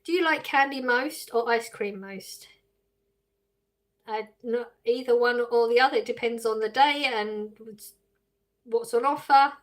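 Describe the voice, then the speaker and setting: A woman's voice: on the high side, a little slow. An English woman live streaming, reading viewers' questions aloud and answering them casually with frequent laughs. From England. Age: adult with children.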